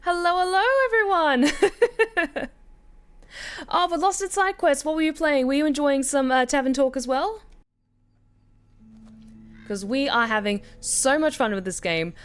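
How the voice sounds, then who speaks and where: A woman's voice: high-pitched, a little slow, pauses often, a bit bright. A woman, a voice actor, chatting casually and upbeat on a live game stream over background music, with frequent fillers and laughs. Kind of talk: casual livestream chat.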